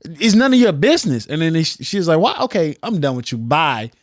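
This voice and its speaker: Animated young man, slightly high voice. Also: a little fast, dry recording, clean studio sound. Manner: animated, swearing, mimics people. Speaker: podcast co-host. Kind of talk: casual chat.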